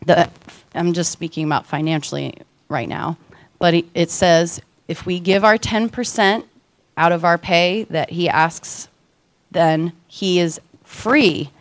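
A woman's voice: lowish voice, no echo. A woman, likely in her thirties, giving a casual devotional Bible teaching in a conversational way, often checking in with "right?".

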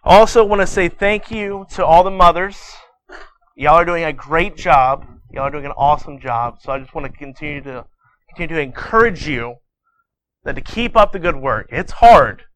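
A man's voice: on the high side, moderate pace, fairly bright tone. A man in his thirties preaching to a congregation in a folksy, joking way, saying y'all and telling a bedtime story about a boy who keeps asking for water. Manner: says y'all. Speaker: pastor. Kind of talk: sermon.

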